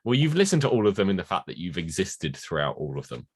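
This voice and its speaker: British guy hosting a podcast, low voice that swings around a lot, playful. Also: sing-song, fast talker, slightly rough. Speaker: podcast host and editor. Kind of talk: casual chat.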